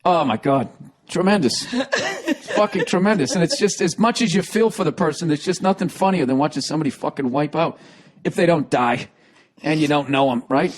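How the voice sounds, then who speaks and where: A man's voice: fairly high pitch, lively intonation, moderate pace. A man hosting a podcast, telling a story casually, laughing often and swearing a lot. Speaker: podcast host.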